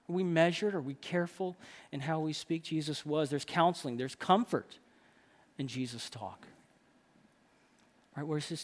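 A man's voice: fairly high pitch, moderate pace, pauses often. Emphatic man preaching a sermon. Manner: emphatic, rhetorical questions. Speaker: preacher to men.

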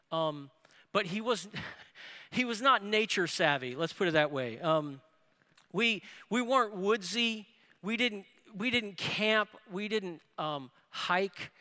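A man preaching a sermon, telling a family story with rising excitement. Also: high-pitched. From New Orleans area. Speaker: pastor. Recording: reverberant hall.

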